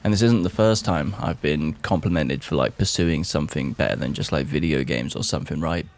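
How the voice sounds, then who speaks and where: A young man talking casually to camera, animated, swearing freely and calling the listener bro. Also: extremely low pitch, brisk. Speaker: vlogger.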